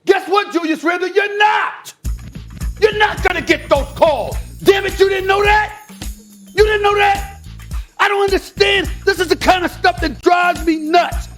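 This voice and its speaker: Loud ranting sports host, high voice. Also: male voice, a little slow, faint music behind. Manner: loud, animated ranting with shouted bursts. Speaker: sports talk show host. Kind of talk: heated sports commentary.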